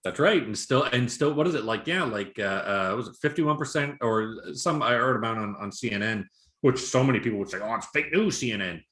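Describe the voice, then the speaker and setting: A man co-hosting a casual podcast, swearing often as he rants in lively bursts. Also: medium pitch, a little fast, echoey room. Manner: profane, ranting, animated. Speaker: podcast co-host. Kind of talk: casual chat.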